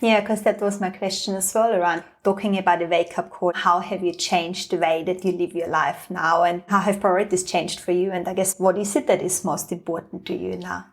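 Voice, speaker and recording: Gentle woman podcast host asking questions. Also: lowish voice, little pitch movement, a little fast, hardly any pauses. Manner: gentle, encouraging, affirming listener. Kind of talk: interview conversation.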